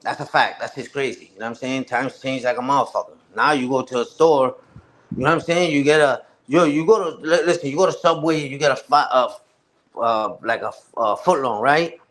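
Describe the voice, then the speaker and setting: A man's voice: medium pitch, brisk, a bit bright. A man chatting casually with a live stream audience. He tells loose, slang-heavy, profane stories full of restarts. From New York.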